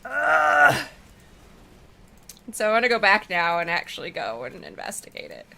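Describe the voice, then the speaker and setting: A woman streamer who rambles warmly through casual chat as she games. Her voice is bright and forward, sitting a little low for a woman. She talks to her viewers with easy affection. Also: wildly swooping pitch, quick pace, vocal fry. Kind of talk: casual chat while gaming.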